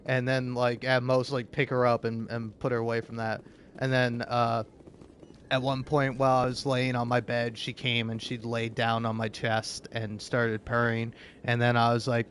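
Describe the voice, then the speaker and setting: A man's voice: mid-range voice, completely flat delivery, moderate pace, a bit bright, slight background noise. A young man in casual, rambling chat, stammering, repeating words and swearing offhandedly. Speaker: vlogger.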